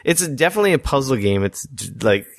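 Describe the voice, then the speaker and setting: A man's voice: mid-range voice, very animated, fast talker, no room sound, clean studio sound. A man hosting a podcast in casual chat, rambling and swearing freely. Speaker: podcast host.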